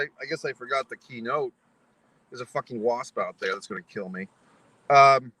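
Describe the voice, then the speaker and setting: A man tells a story to his vlog audience in a bright, forceful voice pitched a little high, swearing freely and sounding exasperated. He turns the small story into mock-serious life lessons. The sound is close and dry. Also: dry recording, poor audio. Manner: foul-mouthed, exasperated, mock-philosophical. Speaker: vlogger. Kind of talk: profane ranting anecdote to camera.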